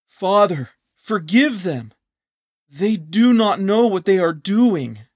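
A man's voice: on the high side, steady tone, drawn-out words, slightly rough, full character voice. A man voicing a dying son of God who cries out in anguish. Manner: raised, anguished cries, then quiet.

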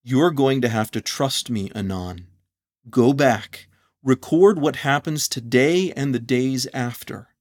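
A man voicing a grieving heavenly father who speaks slowly and gravely. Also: mid-range voice. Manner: slow, heavy, grave.

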